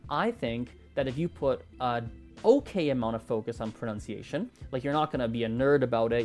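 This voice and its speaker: Solo podcast host, male, mid-pitched, rambling and self-correcting, faint music under the voice. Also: a little mellow. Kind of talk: improvised solo podcast talk.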